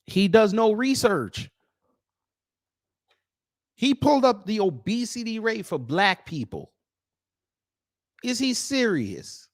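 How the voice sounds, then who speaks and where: A man's voice: sits high, big pitch swings, slow, pauses often, dry recording, clean studio sound. A man from the United States giving a reaction commentary, incredulous and mocking as he talks. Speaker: YouTube commentator.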